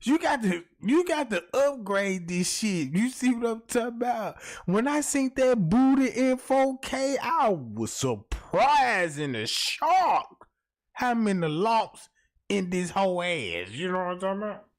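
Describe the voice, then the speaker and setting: Animated slangy man ranting on a stream. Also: high-pitched, unhurried. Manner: animated, swearing, slangy, keeps asking the chat. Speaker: livestream host. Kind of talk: comedic livestream rant.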